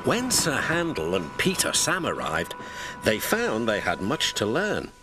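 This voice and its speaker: A British man narrating a children's story with a very lively, up-and-down delivery. His tone is gently expressive, and music plays under the narration. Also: mid-range voice, a little slow.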